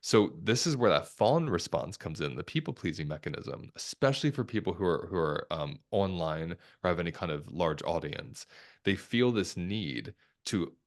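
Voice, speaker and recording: Deep gravelly-voiced man speaking calmly. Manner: calm, reflective, measured. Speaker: podcast guest, somatic therapist. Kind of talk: conversational interview talk.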